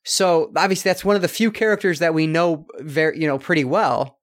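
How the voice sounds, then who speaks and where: Rambling podcast host, fairly high voice. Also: male voice, steady tone, brisk. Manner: rambling, many fillers and restarts. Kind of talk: casual film review chat.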